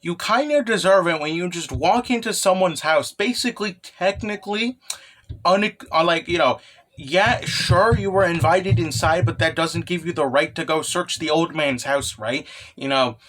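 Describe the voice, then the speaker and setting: A man's voice: fairly high pitch, normal speed, a bit bright. A young man giving a casual recap, rambling and full of fillers and tag questions like "right?". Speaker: manga recap host. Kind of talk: casual commentary.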